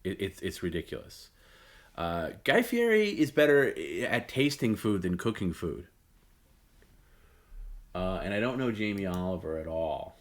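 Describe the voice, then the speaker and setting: A man's voice: low-pitched, very animated, unhurried, long pauses. A middle-aged man hosting a late-night solo talk stream, rambling and opinionated, blunt, with many fillers and restarts. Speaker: host.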